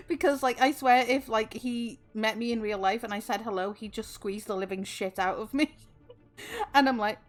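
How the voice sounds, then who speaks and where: A woman's voice: fairly high pitch, normal speed. A Welsh woman in her twenties chatting on a stream, chatty and giggly with lots of fillers. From Wales. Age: 20s. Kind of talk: casual chat.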